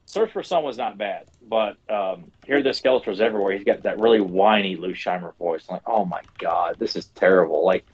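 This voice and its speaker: A man talks casually on a podcast with a lowish voice. He is animated and drops curses. The recording is somewhat dull and lo-fi. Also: slightly rough. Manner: animated, swears, restarts often. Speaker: podcast co-host. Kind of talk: casual chat.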